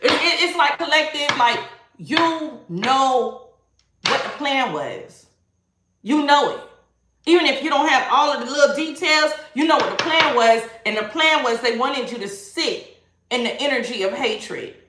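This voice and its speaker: A woman's voice: sits high, animated, unhurried, echoey room, noisy background. A woman giving a live-streamed tarot reading, emphatic and sassy, repeating phrases for emphasis. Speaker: tarot reader.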